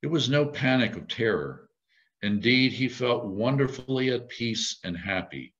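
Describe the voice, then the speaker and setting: A man giving a reflective sermon, measured and thoughtful, with slow emphatic repetitions. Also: medium pitch, expressive, fairly bright tone, lo-fi sound. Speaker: lay preacher.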